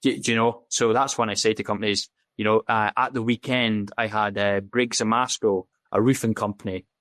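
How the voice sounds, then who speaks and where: A man's voice: lowish voice, fairly even intonation, normal speed, a bit bright, dry recording. A man, a podcast guest telling his story in candid, casual talk, blunt and full of swearing, acting out the dialogue he quotes. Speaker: podcast guest, safety officer.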